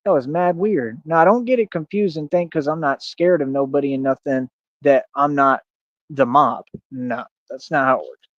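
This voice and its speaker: A man's voice: fairly high pitch, normal speed, a bit bright, dry recording, lo-fi sound. A man in a combative, boastful livestream rant, going over and over the same points. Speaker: live streamer. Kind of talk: ranting livestream monologue.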